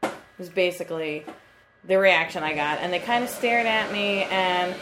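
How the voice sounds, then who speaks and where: A woman's voice: fairly low pitch, fairly even intonation, moderate pace, background noise. Chatty young woman telling a story. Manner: chatty storyteller, swears freely. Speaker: podcast co-host. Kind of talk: casual chat. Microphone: computer mic.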